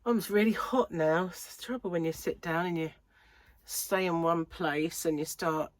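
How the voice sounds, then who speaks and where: A woman chats away to camera in a slightly low voice, a little stuffy and short of breath. She rambles through stories with frequent giggles. The sound is close and dry, with no room echo. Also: moderate pace. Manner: chatty, giggly, rambling anecdotes. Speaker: crochet channel host. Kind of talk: casual chat to camera. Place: home room under lights.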